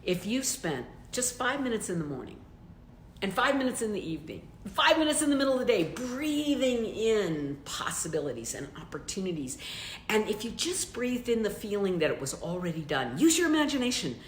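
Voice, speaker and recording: Lively, emphatic woman coach in a roomy space. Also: a little fast. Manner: emphatic, addresses listeners directly with repeated questions. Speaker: business coach. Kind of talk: motivational training talk. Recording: roomy echo, faint rumble.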